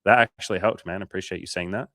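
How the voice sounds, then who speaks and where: A man with a low voice hosts a casual coaching livestream, talking straight into a dry, close mic. He swears freely and slips into his clients' voices when he retells their stories. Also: quick pace, sharp tone, dry recording. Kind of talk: casual livestream Q&A, reading chat.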